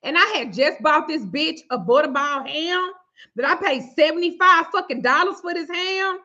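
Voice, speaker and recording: A woman vlogger telling a story to her viewers in a profane, animated way. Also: sits high, normal speed, highs cut off. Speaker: tarot reader and vlog host.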